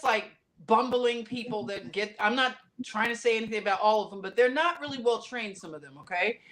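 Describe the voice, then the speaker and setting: A woman guest on a podcast, telling a story with passion and bursting out loudly at times, in quick runs full of restarts. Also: on the high side. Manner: impassioned, animated storytelling with sudden loud outbursts; talks in quick runs with many restarts and fillers. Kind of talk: casual podcast conversation.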